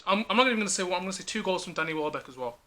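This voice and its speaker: A man's voice: high-pitched, animated, rapid-fire, pushed and bright. A man hosting a casual football prediction chat, leading the talk and questioning his co-host between laughs.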